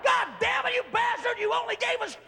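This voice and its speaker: Brief: a frantic screaming fan mob, high and shrill, a man putting it on. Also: flat delivery, fairly quick, gravelly, bright, forceful tone, raised voice, a little hiss or hum, full character voice. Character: frenzied shouting fitness-video fan crowd.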